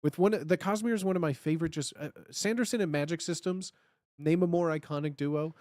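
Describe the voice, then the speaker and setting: Excitable young man rambling on stream. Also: fairly high pitch, fairly quick, no echo, clean studio sound. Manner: excitable, rambling, many fillers and restarts. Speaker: live streamer. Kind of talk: casual live-stream chat.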